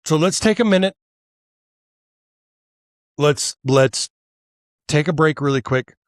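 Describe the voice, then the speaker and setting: A man's voice: on the high side, slow pace, dry recording, studio quality. A male podcast host delivering a heated, profane political monologue, worked up and angry, stammering and restarting as he goes.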